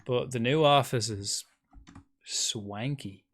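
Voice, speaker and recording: A man's voice: medium pitch, measured pace. A man streaming a game live, chatting casually and rambling to his viewers. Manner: rambling, chatty, talks to chat by name. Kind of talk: casual live-stream chat while gaming.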